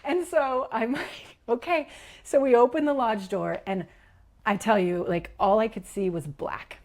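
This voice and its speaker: A woman guest recounting a personal experience in an interview, animated and giggly, acting out quotes and dropping to a whisper at tense moments. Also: mid-range voice, unhurried. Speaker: leadership coach, guest. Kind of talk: personal storytelling in a podcast interview.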